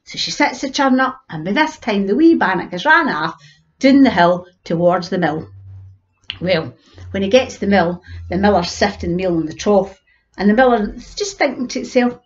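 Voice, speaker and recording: A woman with an Ayrshire Scots accent telling a folk tale in a lively, folksy way. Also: medium pitch, normal speed, highs cut off. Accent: Scottish, Ayrshire. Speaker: storyteller. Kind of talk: animated oral storytelling.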